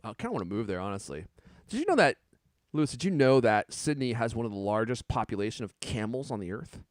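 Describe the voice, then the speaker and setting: Lebhafter, lachender Mann, trocken. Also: male voice, mid-range voice, big pitch swings, fast, no room sound, studio quality. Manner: chatty, laughs often, reads viewer comments aloud. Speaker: podcast co-host. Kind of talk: casual live-stream chat. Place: home studio on a live camera stream.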